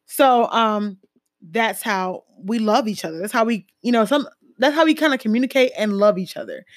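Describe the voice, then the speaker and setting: A woman from a Jamaican family talking casually about her life, full of fillers and lively emphasis. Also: a little high, fairly quick, dry recording, studio quality. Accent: American with Jamaican-family roots. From Caribbean, Jamaican family. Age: adult, a mother. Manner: conversational, lots of fillers, animated emphasis. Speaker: speaker sharing personal stories. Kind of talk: casual personal talk.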